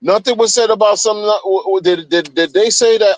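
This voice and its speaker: A man's voice: high voice, normal speed, dry recording, rough recording. A man streaming a heated solo rant, agitated and profane, often repeating himself.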